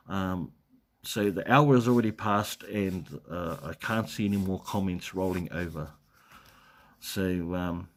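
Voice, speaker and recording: A man from New Zealand with a New Zealand accent, hosting a casual live stream, reading out viewer comments in a rambling way with many fillers and restarts. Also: medium pitch.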